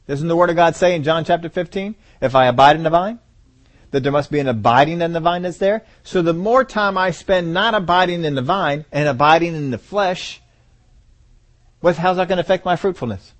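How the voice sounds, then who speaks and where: A man's voice: fairly high pitch, brisk. A man preaching a sermon, asking the congregation rhetorical questions and repeating phrases for emphasis.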